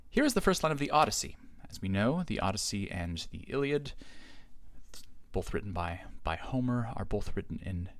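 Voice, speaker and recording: Low-voiced man explaining a grammar lesson. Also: sing-song, moderate pace. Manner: patient, explanatory. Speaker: Greek teacher. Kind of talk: slideshow grammar lecture. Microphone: voice-over on slides.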